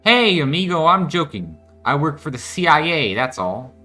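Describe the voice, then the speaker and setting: Guy doing a loud jokey american spy in a cab, high and bright, booming. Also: sing-song, moderate pace, soft background music. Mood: boisterous. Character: cheerful chatty male American spy passenger.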